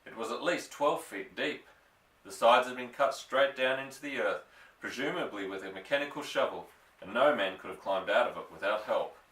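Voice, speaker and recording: A man narrating a children's story aloud, expressive and slowing for suspense. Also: medium pitch, distant mic. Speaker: audiobook reader. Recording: roomy, off-mic.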